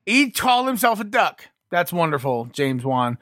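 Bright-voiced man arguing on a podcast. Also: sits high, big pitch swings, normal speed, dry recording, clean studio sound. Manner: argumentative, talks in restarts and rants. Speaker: podcast co-host. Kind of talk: casual podcast banter.

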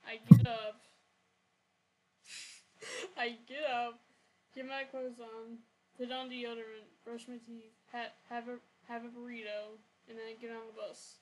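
A woman's voice: on the high side, flat delivery, unhurried, pauses often, warm tone, slight background noise, poor audio. A teenage girl co-hosting a school club podcast, reading the questions, laughing and a little bossy. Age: teens. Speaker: club treasurer and co-host. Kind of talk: casual podcast chat.

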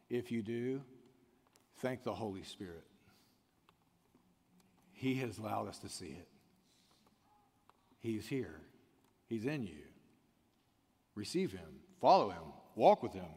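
Male pastor, sermon delivery, medium pitch, long church-hall reverb, dynamic from hushed to shouting. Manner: swings from quiet and intimate to loud, shouted emphasis.

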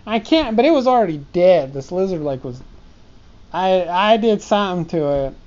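A man's voice: high-pitched, big pitch swings, normal speed, a little mellow, dull audio. A man talking to his pet ant in a casual, meandering stream-of-consciousness monologue, often breaking off and chuckling.

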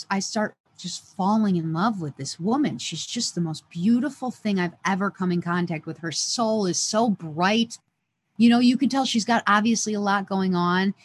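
A woman who is a podcast guest, earnestly telling an emotional personal story and acting out the dialogue as she goes. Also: medium pitch. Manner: earnest, lively retelling with quoted dialogue.

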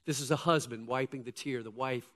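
A man preaching a sermon to his congregation, reading scripture aloud and swinging between loud, emphatic lines and hushed ones. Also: mid-range voice, a little fast. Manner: addresses congregation directly as folks. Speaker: pastor. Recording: long hall reverb.

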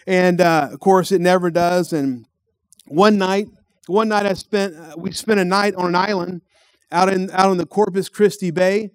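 A man's voice: sits high, fairly even intonation, normal speed, clear, resonant tone, no echo, studio quality. A middle-aged man with a Texan accent telling a folksy, rambling story in a sermon, often repeating his words. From Texas. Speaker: pastor.

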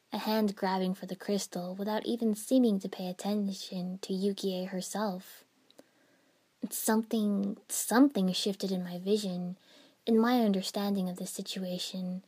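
A woman narrating a first-person fan fiction story in an even storytelling manner. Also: mid-range voice, breathy edge.

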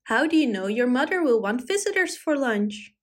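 A woman voicing a proud, excited young tomcat in a storybook. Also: sits high, normal speed. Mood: polite.

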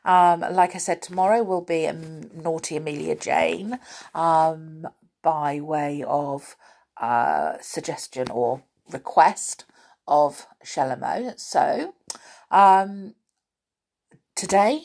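A woman reading a children's chapter book aloud in an unhurried, chatty way. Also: low-pitched, creaky, a little mellow. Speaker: storyteller.

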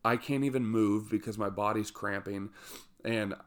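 A man telling a personal story with humor, lively and self-mocking, with jokey asides. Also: lowish voice, moderate pace.

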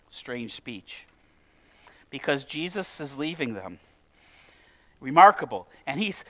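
A man's voice: extremely high pitch, a bit bright. A male pastor preaching a sermon in a conversational, lightly humorous way, asking his listeners direct questions.

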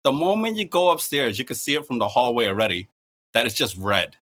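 A young man telling a funny story in casual chat, animated and laughing, with lots of fillers and swearing. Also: medium pitch, a little fast. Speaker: podcast guest storyteller.

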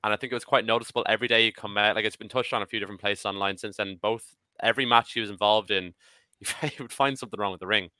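Guy around 30 on a podcast, excitable, swears a lot, smooth clear voice. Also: on the low side, racing, no echo. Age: 30s. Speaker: podcast panelist. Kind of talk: casual chat.

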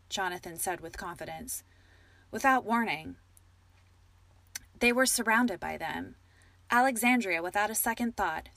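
A woman reads a romantic fantasy tale aloud at a middle pitch. She narrates steadily and lifts her voice higher when the heroine speaks. The recording is dry and close, with no room around it. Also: a bit bright, dry recording. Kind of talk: storybook narration.

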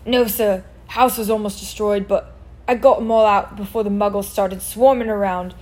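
A woman voicing a huge, soft-hearted bearded male giant with a rough, gentle manner. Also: medium pitch, steady tone, normal speed, natural voice. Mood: earnest. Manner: rough gentle gruff, tearful at times.

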